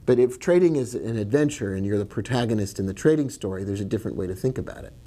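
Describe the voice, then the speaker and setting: A man's voice: fairly low pitch, animated, fast, dark tone. Chatty man giving a trading lesson. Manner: chatty and digressive, jokes and asides. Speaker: trading educator. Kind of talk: casual video lesson.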